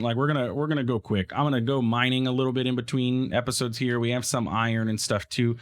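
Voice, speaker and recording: A man hosting a game let's play, thinking aloud in casual commentary and talking back to the game. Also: medium pitch.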